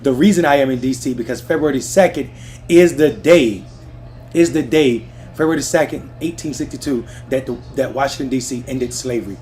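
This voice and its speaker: A man's voice: medium pitch, fairly quick, a little mellow. A man hosting a political livestream, ranting with profanity and heat and talking straight to his chat, from a lounge. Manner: profane, fired-up, talks to the chat. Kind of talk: heated live political rant. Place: lounge in Washington with TVs on. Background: music and TVs in the background.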